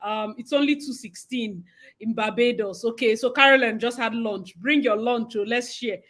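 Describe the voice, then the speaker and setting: A woman's voice: on the high side, moderate pace, a bit bright. A young woman with a Nigerian accent hosting a casual livestream, chatting and greeting viewers by name with frequent laughter. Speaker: livestream host. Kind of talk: casual live-stream chat.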